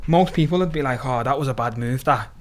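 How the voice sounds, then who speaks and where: A young man with a broad Scouse accent tells stories as a podcast guest. His talk is loose and animated, full of slang and swearing, with "lad" dropped in all the time. His voice sits at a middling pitch for a man. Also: fast. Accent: Liverpool (Scouse). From Liverpool, England. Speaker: podcast guest, MMA fighter. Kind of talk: casual storytelling.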